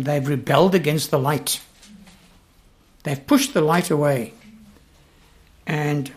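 A man preaching an expository sermon, earnest, with repeated emphatic phrases and slow, weighty scripture readings. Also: fairly high pitch.

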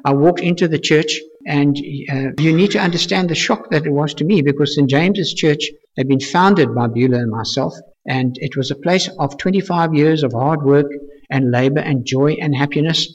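A man's voice: on the high side, moderate pace. An older man, a pastor telling a testimony in earnest, storytelling fashion, repeating phrases for emphasis. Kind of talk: testimony sermon. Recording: echoey hall, dull lo-fi sound.

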